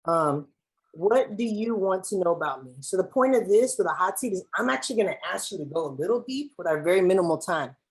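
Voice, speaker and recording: A woman's voice: on the low side, expressive, fast talker, husky, rough recording. A woman from Los Angeles facilitating an online workshop over a video call in a playful, slangy, chatty way. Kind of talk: lively online workshop hosting.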